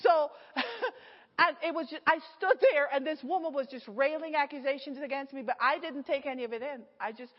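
A middle-aged woman preaching a storytelling sermon, animated, laughing often and acting out the people in her story. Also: sits high, moderate pace. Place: church hall. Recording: echoey hall, slightly dull sound.

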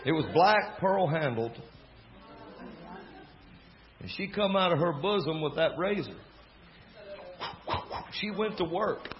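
Man, Southern accent, folksy storytelling sermon, lively voice, lo-fi sound, faint audience and noise. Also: sits high, slow, pauses often. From American South. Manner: folksy, animated storyteller with laughing asides. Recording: dull lo-fi recording with faint crowd and noise. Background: faint audience laughter.

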